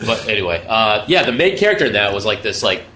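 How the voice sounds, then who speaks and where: A man's voice: lowish voice, sing-song, quick pace, a crowd in the background. A man, a comedian, chatting casually on a podcast, swapping anecdotes and laughing easily. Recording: roomy room with faint noise.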